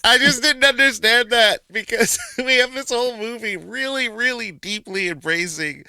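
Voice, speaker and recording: A man's voice: very high-pitched, normal speed, sharp tone, clean tone, dry recording. A man co-hosting a movie review podcast in casual chat, laughing often and acting out quotes from the film. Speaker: podcast co-host.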